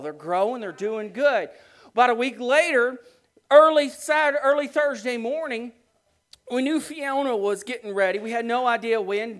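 A high-pitched man preaching by telling a story. He talks in an animated, rambling way and keeps circling back to restart his sentences. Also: smooth. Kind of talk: storytelling sermon.

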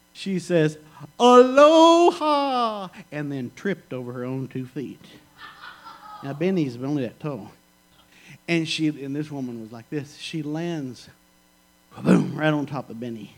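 A man's voice: fairly high pitch, a little mellow, rough recording. A middle-aged man preaching a sermon, telling stories in a folksy, joking way. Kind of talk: sermon with storytelling.

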